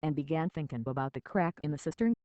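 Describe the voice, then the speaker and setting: Reading from a children's novel, this audiobook narrator keeps a calm, even storybook pace in a mid-range voice. The sound is lo-fi, flat and dry.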